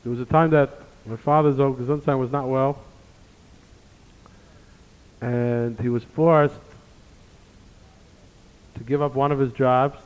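A man's voice: medium pitch, steady tone, takes it slowly, pauses often, clean tone. A man giving an earnest sermon, telling stories and weaving in Hebrew phrases. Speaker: rabbi giving a talk. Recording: tinny phone-like sound in a reverberant hall.

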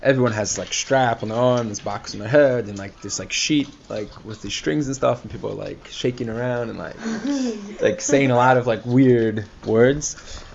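A man's voice: mid-range voice, moderate pace, gravelly. Rambling man telling a story, lo-fi. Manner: rambling, filler-heavy, animated quoting of others. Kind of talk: casual personal storytelling. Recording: dull lo-fi recording with faint hiss.

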